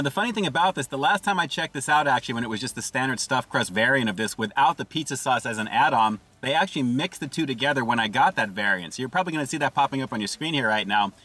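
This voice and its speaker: A man's voice: mid-range voice, sharp tone, slightly rough. A man doing an upbeat casual food review from inside a parked car, calling his viewers "guys" and chewing between lines.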